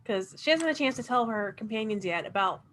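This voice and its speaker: Bright-voiced woman player. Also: a little high, lively intonation, fast talker, a little hiss or hum. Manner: thoughtful, describes actions with many fillers. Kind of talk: in-character tabletop play.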